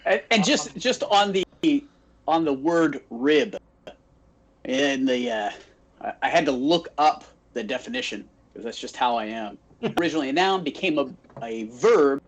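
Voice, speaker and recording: Man, podcast co-host, from phoenix, husky, lively storyteller, casual chat. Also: a little high, measured pace. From Phoenix, Arizona. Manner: animated storyteller acting out quotes.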